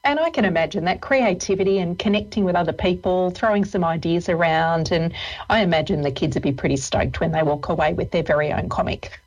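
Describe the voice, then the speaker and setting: A woman hosting a radio interview, encouraging her guest and pausing with many ums. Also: fairly low pitch, darkish tone, rough recording. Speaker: radio host.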